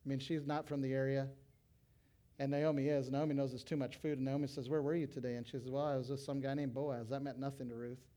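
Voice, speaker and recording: A middle-aged male pastor preaching to fellow pastors, animated, breaking into loud acted quotes. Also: mid-range voice, fast. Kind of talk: sermon to pastors.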